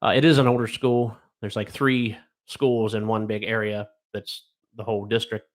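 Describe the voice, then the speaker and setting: A middle-aged man from Ohio, USA, hosts a casual live stream, reading odd news stories aloud and rambling wryly with plenty of fillers. His voice sits on the low side, level in tone, at a normal speed.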